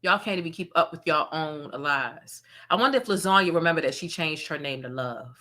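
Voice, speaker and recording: Sharp-voiced sarcastic woman host. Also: low voice, animated, brisk. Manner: sarcastic, mocking asides. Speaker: commentary channel host. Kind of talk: livestream commentary, reading super chats.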